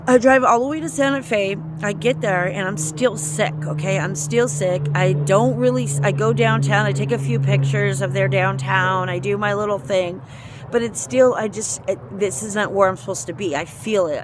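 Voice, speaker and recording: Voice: medium pitch, background noise. A speaker earnestly telling a personal faith story in a casual, rambling way, often quoting their own thoughts. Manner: earnest, rambling retelling with quoted inner speech. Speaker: storyteller sharing a faith testimony. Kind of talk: casual spoken testimony.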